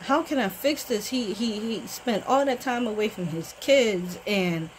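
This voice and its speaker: A woman's voice: mid-range voice, unhurried, slight background noise, close to an everyday voice, low-quality recording. A woman voicing a distraught, impulsive woman who is tearful and pleads in a stammering way. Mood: upset, pleading.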